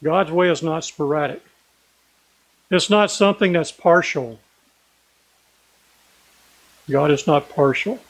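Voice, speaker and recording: A man preaching a sermon in an earnest way, slowing down and stressing key words as he reads scripture aloud. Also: fairly high pitch, low-quality recording.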